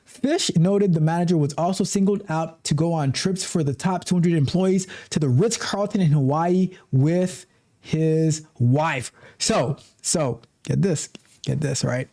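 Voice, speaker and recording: A man hosting a livestream, reading an article aloud and breaking off for animated asides, often restarting and repeating words. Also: on the high side, measured pace. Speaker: livestream host.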